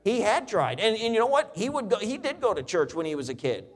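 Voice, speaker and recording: Middle-aged male preacher, higher voice, lively storyteller, drops lower when reading scripture. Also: fast talker. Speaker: pastor. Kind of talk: sermon.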